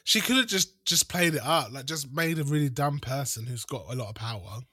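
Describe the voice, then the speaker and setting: A man's voice: medium pitch, expressive, brisk, bright, forceful tone, slightly rough, dry recording, studio quality. A man co-hosting a podcast, chatting casually and swearing as he retells scenes. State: hungover. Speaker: podcast co-host. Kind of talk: casual chat.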